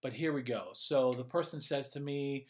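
A man speaks at medium pitch and a normal speed, working as a communication coach. He explains things in an upbeat, conversational way, thinking aloud as he goes, in what sounds like a casual instructional video.

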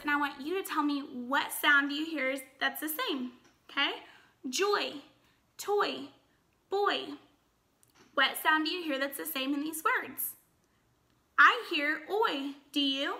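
A woman teaching a children's phonics lesson, upbeat and encouraging, sounding out words slowly and clearly. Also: high-pitched, sharp tone.

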